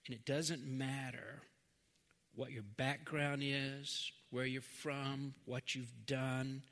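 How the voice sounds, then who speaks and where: A middle-aged man preaching a sermon, earnest, moving between quiet, slow stretches and emphatic lines. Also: mid-range voice, level tone. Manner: earnest, swings from soft to emphatic. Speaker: pastor. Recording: long hall reverb.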